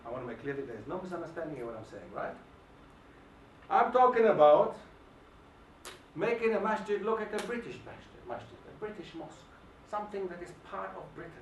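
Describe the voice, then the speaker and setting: A man giving an emphatic, animated lecture and firing questions at the audience, recorded in a hall. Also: high-pitched, fairly quick, a little hiss or hum. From Germany. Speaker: guest lecturer. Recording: echoey hall, mic at a distance.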